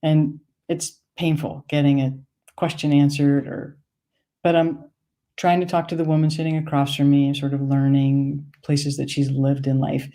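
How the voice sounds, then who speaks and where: A woman's voice: sits low, little pitch movement, normal speed, mellow. A woman from Maine telling a wry, conversational personal story on stage. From United States, Maine.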